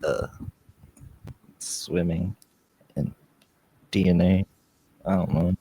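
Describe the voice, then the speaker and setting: A male podcast co-host with a very low, dark voice, speaking slowly. He gives short, deadpan answers and laughs easily. The sound is dry and close. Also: husky, rough recording. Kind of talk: casual comedic chat.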